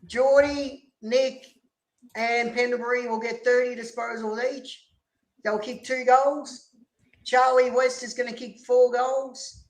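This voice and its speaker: A man's voice: very high voice, little pitch movement, slow. A man chatting as a stream guest, blunt and mock-outraged. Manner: blunt, exaggerated complaining. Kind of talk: casual live-stream chat.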